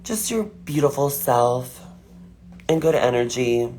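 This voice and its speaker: A man's voice: medium pitch, animated, takes it slowly, darkish tone, a little hiss or hum. A man chatting casually on a phone livestream, answering fan questions with lots of fillers. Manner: chatty, filler-heavy, frequent "like".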